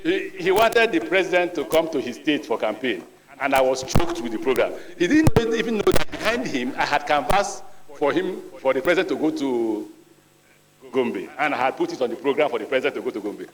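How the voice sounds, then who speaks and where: A middle-aged man from Nigeria with a Nigerian accent, a nominee answering questions at a formal hearing in a deliberate, measured way and mixing in stories. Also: mid-range voice, expressive. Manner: deliberate, measured, with storytelling asides. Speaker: ministerial nominee before a senate. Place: large legislative chamber. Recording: long reverb of a large chamber.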